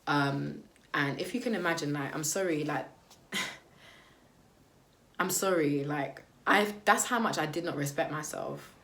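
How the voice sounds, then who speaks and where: A woman's voice: low-pitched, a bit bright. A young woman vlogger sharing a personal testimony, candid and hesitant, with many fillers like "um" and "like".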